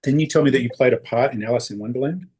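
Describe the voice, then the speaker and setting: A man's voice: mid-range voice, rapid-fire, warm tone. An Australian man co-hosting a podcast, chatting casually with playful, teasing banter. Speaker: podcast co-host. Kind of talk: casual chat. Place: Las Vegas.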